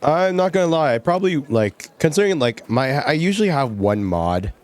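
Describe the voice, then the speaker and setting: A man's voice: a little high, very animated, a little fast. A male streamer commenting casually and jokingly on his gameplay, often laughing.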